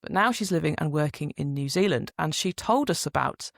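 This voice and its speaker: Young woman co-host, casual chat, lively storyteller, a little gravelly, dry close sound. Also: low-pitched, a little fast, no echo. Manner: lively storytelling, acts out quotes. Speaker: podcast co-host.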